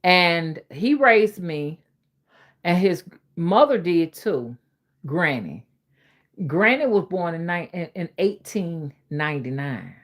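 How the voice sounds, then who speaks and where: Her pitch is fairly low, swinging widely, and her pace is slow. This Alabama woman has an old-fashioned Southern accent and hosts a casual livestream, reading her viewers' comments folksily.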